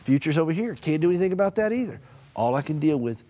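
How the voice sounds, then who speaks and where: Fast-talking Southern man, folksy storyteller. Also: a little high, sing-song. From American South. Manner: storytelling, folksy humor, drops to a gentle hush. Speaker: author and caregiver advocate. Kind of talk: Christian TV interview guest.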